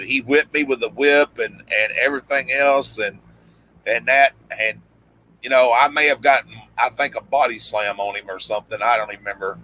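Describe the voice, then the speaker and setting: A man's voice: medium pitch, bright, forceful tone, low-quality recording. A man telling a long story in casual chat, rambling with restarts and acting out what others said. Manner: rambling, many restarts, acts out quoted lines. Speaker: guest storyteller, former pro wrestler.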